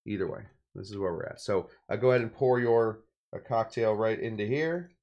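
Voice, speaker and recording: A man's voice: on the low side, a little fast, dull audio. Rambling, jokey male cocktail host. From California. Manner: rambling, jokey, playful asides. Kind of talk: casual cocktail-making demo.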